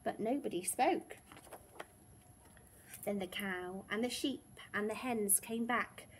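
A woman teacher reading a picture book aloud to young children in a gentle, expressive storytelling way. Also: mid-range voice, slow pace, a little hiss or hum.

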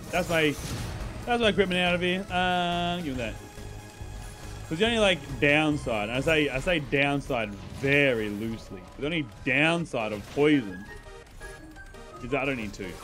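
A young man streaming a video game, chatting casually and excitably, swearing and laughing as he plays. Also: on the high side, moderate pace, soft background music. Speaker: gaming streamer. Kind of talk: live gameplay commentary.

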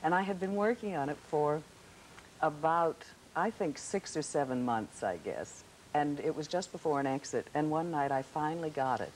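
A woman guest on a talk show, telling animated stories about stage work and laughing often. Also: low-pitched, moderate pace, rough recording. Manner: animated storytelling with frequent laughs. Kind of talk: casual chat. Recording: faint hiss on old TV audio.

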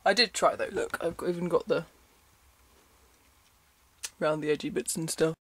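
A man's voice: on the high side, fairly even intonation, normal speed, sharp tone. A man chatting casually to camera from his bed, rambling and self-deprecating, often breaking into giggles. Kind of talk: casual vlog chat. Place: bedroom, in bed at night.

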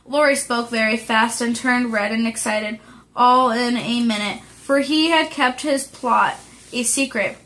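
A woman reading a classic novel aloud as an audiobook, careful and measured with small slips. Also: on the high side, fairly bright tone, poor audio. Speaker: audiobook reader.

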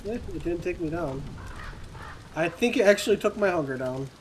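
A man's voice: high voice, animated, moderate pace, slight background noise. A man asking questions and reacting plainly in casual chat while playing a co-op game. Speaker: gamer.

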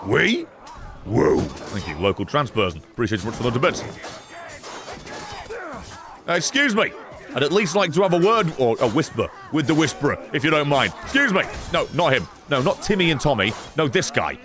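A man streaming a video game live, commenting excitably and swearing often. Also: fairly high pitch, normal speed, faint music behind. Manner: excitable, profane, chatty.

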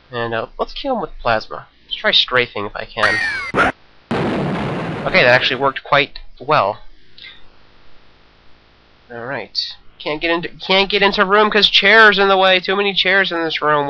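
A young man rambles through his gameplay commentary, cracking jokes and chattering to himself. His voice sits a touch high and comes across very bright and cutting. A faint hiss lies under the recording. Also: rough recording. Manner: rambling, jokey, talks to himself. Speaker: let's play commentator. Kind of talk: game commentary.

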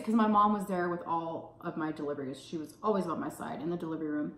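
Woman, thirties, Texan accent, casual vlog storytime, animated, swears a lot, echoey room. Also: quick pace, hardly any pauses, crowd noise. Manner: animated, swears freely, acts out quotes in a high voice. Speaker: food vlogger telling a story. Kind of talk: casual storytime while eating.

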